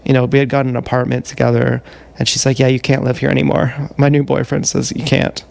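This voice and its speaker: On a livestream recorded with an action camera, a man tells a rambling confessional story in a gravelly, creaky, slightly mellow voice at an ordinary pitch. He talks fast and bluntly with a level tone, swearing and stalling often on fillers, and there's no room sound.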